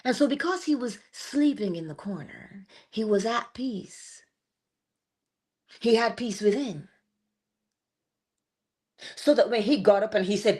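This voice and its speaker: A middle-aged woman hosting a morning inspiration livestream, giving a spiritual talk in an animated, preacher-like way with laughs and asides. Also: a little high, breathy edge. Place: home, early morning.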